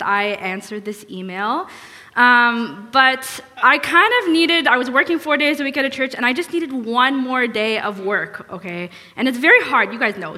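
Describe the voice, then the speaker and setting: A woman's voice: sits high, bright, forceful tone. Chatty young woman preaching in a church. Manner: chatty, self-deprecating storytelling with many fillers. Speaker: guest speaker, next gen director. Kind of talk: casual sermon opening. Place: church auditorium. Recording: long reverb of a church hall.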